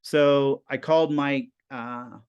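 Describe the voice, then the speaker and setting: A man in his fifties, a high school TV production teacher, telling stories casually as a guest and acting out the conversations he quotes. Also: takes it slowly, clean tone, muffled recording. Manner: animated, acts out quoted conversations. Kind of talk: casual storytelling.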